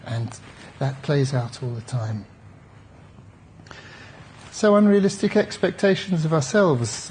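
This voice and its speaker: A man's voice: mid-range voice, a little mellow, a little hiss or hum. A man, a therapist, giving a conference talk in a reflective, conversational way with wry asides to the audience. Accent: British English.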